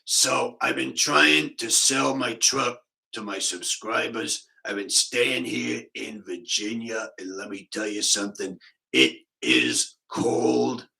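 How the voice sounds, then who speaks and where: Man doing a drawling Boston conspiracy vlogger, gravelly and deadpan, for a comic impression. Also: medium pitch, slow, exaggerated voice, poor audio. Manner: rambling, deadpan, digressive.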